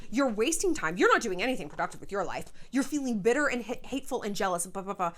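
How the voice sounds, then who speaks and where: A woman giving frank, animated life advice in a casual vlog, a little short of breath and sighing now and then. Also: medium pitch, quick pace. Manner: frank, animated, swears, slips into quoted voices.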